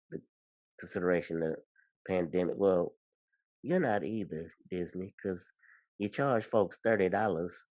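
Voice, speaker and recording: A man co-hosting a podcast, chatting casually, excitable and rambling with many restarts. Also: low voice, no echo. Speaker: podcast co-host. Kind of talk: casual chat.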